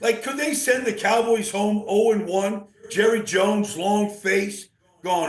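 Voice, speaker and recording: A man's voice: high voice, slow. Rambling male football analyst, echoey room. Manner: rambling, animated, many restarts. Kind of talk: casual sports talk.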